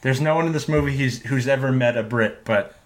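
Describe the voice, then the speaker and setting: Halting, self-deprecating man host. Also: medium pitch. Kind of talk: casual podcast chat.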